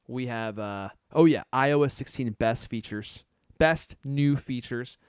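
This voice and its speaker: A man hosting a podcast in casual chat, joking and animated, stumbling over fillers and restarts. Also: mid-range voice, measured pace, smooth, no room sound, clean studio sound. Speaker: podcast host.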